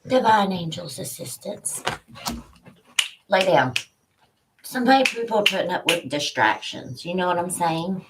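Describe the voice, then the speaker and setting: A tarot reader and psychic from Louisiana gives a spiritual reading to a camera in a room at home, chatting loosely and pausing to talk to her dogs nearby. Her lowish voice has lively intonation and a measured pace with long pauses, and background noise is audible.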